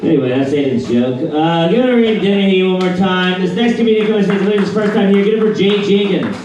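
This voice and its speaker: A man's voice: high-pitched, brisk. A man hosting an open mic, introducing comedians and riffing between sets. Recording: echoey distant room mic with music.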